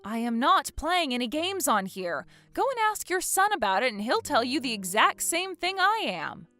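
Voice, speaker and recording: A woman's voice: sits high, big pitch swings, moderate pace, sharp tone, soft background music, exaggerated voice. A woman playing a fed-up, exasperated wife in a dramatized story, talking indignantly. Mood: frustrated.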